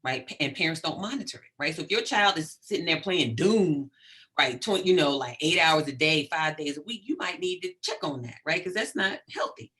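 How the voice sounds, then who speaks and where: A middle-aged woman, a psychologist guest in an interview, talking in an animated, emphatic way and checking in often with "right?". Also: low voice, fairly quick. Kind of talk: conversational interview.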